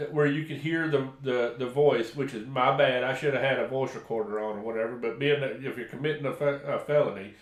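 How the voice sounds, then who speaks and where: An older man with a Texan accent, rambling through a story in casual live-stream chat, with restarts and chuckles. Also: medium pitch. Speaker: paranormal investigator co-host. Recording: echoey room.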